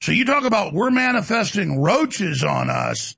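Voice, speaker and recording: A man's voice: high-pitched, very animated, normal speed, creaky, breathy edge, no room sound. A middle-aged man hosting a talk show, ranting in a combative, blustering way. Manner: combative, blustering, loud bursts. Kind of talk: heated talk show rant.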